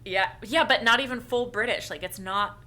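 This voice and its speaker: A woman co-hosting a casual podcast, who laughs easily and chimes in with quick agreement. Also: medium pitch, pushed and bright. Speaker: podcast co-host. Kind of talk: casual chat.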